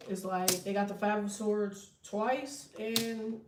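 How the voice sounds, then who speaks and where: A woman's voice: mid-range voice, little pitch movement, slow pace, background noise. A woman giving a casual tarot reading, blunt and profane, breaking into laughing asides. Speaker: tarot reader. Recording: echoey room, distant from mic.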